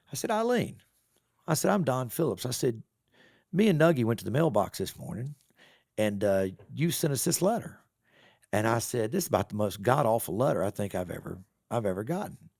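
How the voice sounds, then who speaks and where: A man's voice: fairly low pitch, gravelly, darkish tone, breathy edge, no room sound, clean studio sound. A middle-aged man, a car wash owner telling a story on a podcast and acting out both sides of the conversation. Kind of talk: casual storytelling interview.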